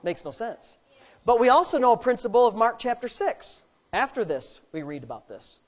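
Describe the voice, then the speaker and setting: A woman's voice: a little high, big pitch swings, normal speed. A woman preaching a sermon, asking rhetorical questions and adding playful asides.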